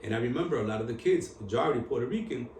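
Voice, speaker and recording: A man telling his story on camera in an interview, in animated street slang with Spanish mixed in. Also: mid-range voice, rapid-fire, far from the mic. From New York. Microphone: camera at a distance. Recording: echoey room, voice from off-mic, faint hum.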